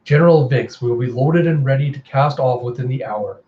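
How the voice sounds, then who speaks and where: A man's voice: medium pitch, fairly quick, lo-fi sound, lightly acted. A man voicing a deferential lizard man underling.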